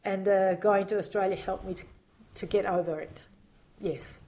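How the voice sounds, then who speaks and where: A woman's voice: medium pitch, fairly even intonation, moderate pace, warm tone. A woman being interviewed, talking in a reflective, hesitant way with many fillers and frequent laughs. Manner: laughs often while talking. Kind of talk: casual reminiscing interview.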